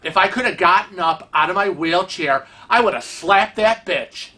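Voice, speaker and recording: A vlog host telling a travel mishap story in a casual, animated and indignant way, with restarts and repetition. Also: medium pitch, moderate pace. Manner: seated in a wheelchair while talking.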